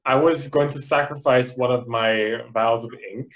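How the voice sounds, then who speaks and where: Stuttering excitable Jamaican player. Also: male voice, medium pitch, normal speed, highs cut off. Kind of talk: playing a tabletop game.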